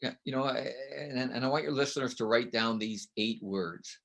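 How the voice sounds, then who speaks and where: A man's voice: medium pitch, normal speed, few pauses, fairly bright tone. A man speaking as an interview guest, explaining with emphatic, coaching rhetorical questions. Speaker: guest educator. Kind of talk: conversational interview.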